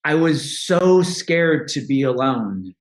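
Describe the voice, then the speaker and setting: A man's voice: fairly high pitch, expressive, slow. Candid man in an echoey room. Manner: candid, reflective, with frequent restarts and laughs. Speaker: podcast guest, money coach. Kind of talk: casual interview talk.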